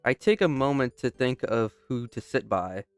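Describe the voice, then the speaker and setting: A young man reads through a game out loud, commenting casually as he plays. He often stops mid-line, restarts, and slips into quick joking asides. His voice is smooth and resonant, recorded dry on a close mic. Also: mid-range voice, animated, no room sound, soft background music. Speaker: gamer. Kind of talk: casual playthrough commentary, reading game text aloud.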